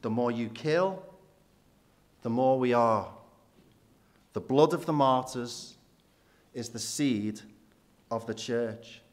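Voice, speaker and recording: A man, preaching a sermon in church with rhetorical questions, dropping low and quiet for emphasis. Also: slow, pauses often.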